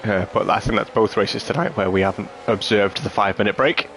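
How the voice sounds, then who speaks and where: A man commentating on an online racing league, chatty and jokey, and he builds up excitement at the start. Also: fairly low pitch, a little fast, a little hiss or hum. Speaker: lead sim racing commentator. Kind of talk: race commentary.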